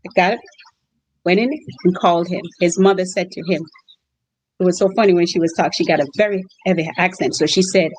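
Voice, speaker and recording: A woman's voice: medium pitch, a little fast, a little hiss or hum, low-quality recording. A woman who hosts exchange students, telling stories in an interview and acting out the quotes. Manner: animated storyteller, acts out quotes. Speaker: host family mom for exchange students. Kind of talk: storytelling interview chat.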